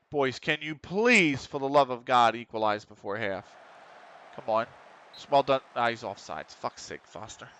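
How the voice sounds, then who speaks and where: Streaming a football management game for his viewers, this almost middle-aged man from the United States talks in a medium-pitched, pushed, bright voice over a faint hiss or hum. He keeps the chat casual, reading comments aloud and cursing frequently as the match frustrates him.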